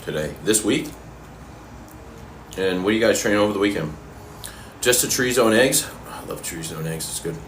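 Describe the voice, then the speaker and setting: Low-voiced man eating on a live fitness Q&A. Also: slight background noise. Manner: relaxed, talks with his mouth full, pauses mid-sentence. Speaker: fitness coach answering live viewer questions. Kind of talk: casual live-stream Q&A while eating.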